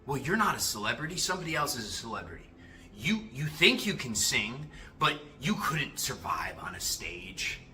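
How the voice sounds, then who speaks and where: A man voicing his own belittling inner shadow voice, low and quiet and mocking, sinking almost to a whisper. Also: sing-song, moderate pace, soft background music.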